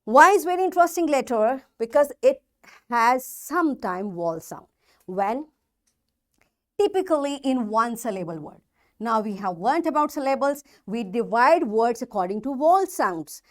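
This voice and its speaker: A woman's voice: fairly high pitch, big pitch swings, moderate pace. A woman with a Pakistani English accent teaching a recorded phonics lesson to children, patiently repeating example words and checking that they follow.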